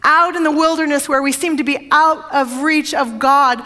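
High-voiced woman preaching in a reverberant church. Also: fairly even intonation, moderate pace, sharp tone. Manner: emphatic, repeats phrases for effect. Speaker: pastor. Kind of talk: sermon.

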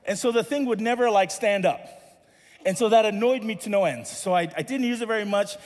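A man from Southern California, a pastor telling a story in a sermon in an animated, playful way, laughing along with his own tale. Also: high voice, in a large hall.

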